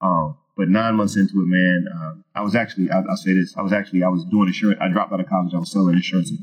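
A man's voice: sits low, steady tone, racing, slightly rough, rough recording. A man telling his personal testimony as a guest in an interview, earnest and casual, with many fillers and restarts. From Virginia.

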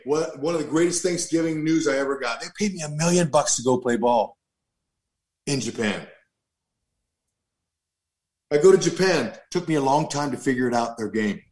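A man in his fifties, a former pro ballplayer, telling stories in an animated, joking way with lively asides. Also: fairly high pitch. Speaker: former pro baseball player. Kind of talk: storytelling interview.

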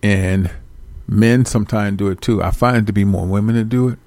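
A man giving casual, profane life advice to his viewers, acting out both sides of phone calls in slangy, animated bits. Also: on the low side, brisk, no echo. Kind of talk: casual direct-to-camera rant.

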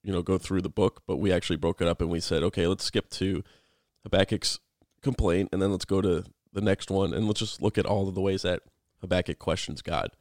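A man in his thirties co-hosting a podcast, explaining a Bible book in a relaxed, rambling way. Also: low voice, a little fast, few pauses, dry recording, clean studio sound. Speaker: podcast co-host. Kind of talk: casual Bible study chat.

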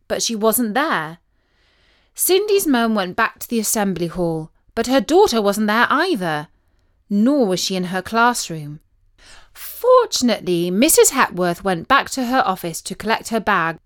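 Lady telling a kids' bedtime story, lively up-and-down voice. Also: medium pitch. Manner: gentle, expressive storytelling voice. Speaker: children's storyteller. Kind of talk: storybook narration.

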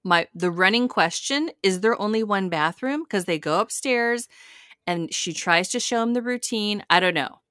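A woman's voice: mid-range voice, expressive, normal speed, a bit bright, smooth, no room sound, clean studio sound. A woman podcast co-host chatting casually as she recaps a reality show, acting out quotes with big jumps in voice.

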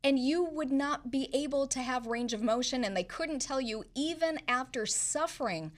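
A woman's voice: high voice, normal speed. A woman hosting a program, interviewing a guest and emphatically cutting in with facts and figures. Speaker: radio program host.

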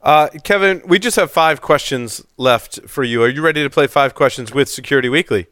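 A man's voice: mid-range voice, fairly quick, fairly bright tone, no room sound. A man hosting a panel show, asking quiz questions in a playful, teasing way. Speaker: host.

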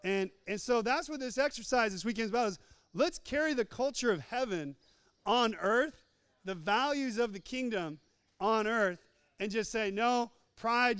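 A man delivers a joking sermon in a high, smooth, resonant voice. He repeats lines for emphasis and slips into other voices to act out little scenes. The sound is close and dry. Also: animated, moderate pace, fairly bright tone, no echo. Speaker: preacher. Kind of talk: humorous sermon.

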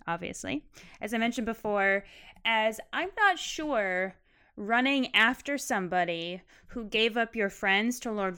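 A woman co-hosting a casual book discussion podcast, animated and analytical. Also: medium pitch, clear, resonant tone. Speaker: podcast co-host. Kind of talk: casual discussion, reading excerpts.

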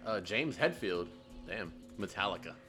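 Middle-aged man, podcast co-host; low voice, giggly and rambling, very casual delivery. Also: animated, normal speed, bright, forceful tone, faint music behind. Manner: laughs often, rambling, says dude a lot. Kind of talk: casual chat.

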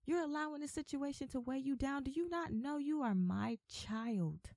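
A woman voicing God as a gentle, reassuring fatherly presence who speaks slowly. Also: a little high, dry recording, clean studio sound, pitched above the performer's own voice, natural voice.

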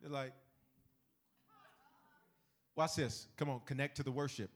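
A male preacher giving a lively, colloquial sermon, often shouting and laughing as he builds to his points. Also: mid-range voice, unhurried.

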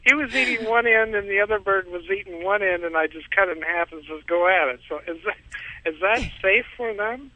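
A man's voice: high voice, a little fast. A man calling in to a show, telling a story in a rambling way and repeating his words. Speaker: caller. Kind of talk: casual phone-in storytelling. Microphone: telephone. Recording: tinny phone line, dry.

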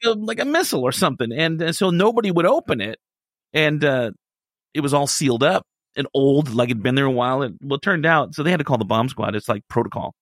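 A man on a radio talk show spins a casual story into a studio microphone. His voice has a gravelly, creaky grain and swings widely in pitch as he gets animated. The sound is close and dry. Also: fairly quick, dry recording. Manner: animated, laughs through his own story.

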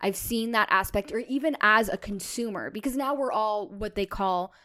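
A woman co-hosting a podcast, chatting casually and thinking out loud with enthusiasm. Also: mid-range voice, moderate pace. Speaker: podcast co-host.

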